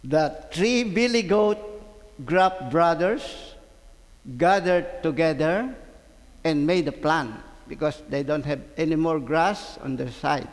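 Man reading a fairy tale to kids, slow and high-voiced, in a big echoey room. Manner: animated, interactive, asks the children questions. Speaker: storytelling teacher. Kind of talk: reading a story aloud to children. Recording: long hall reverb.

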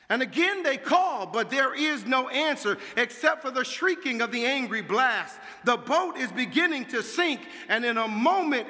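A man delivers a sermon in a high, very lively voice that climbs and falls. He takes his time, moving from hushed lines to sudden shouts. His voice rings out with a long echo, as in a large hall. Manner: dramatic, swinging from hushed to shouting. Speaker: preacher.

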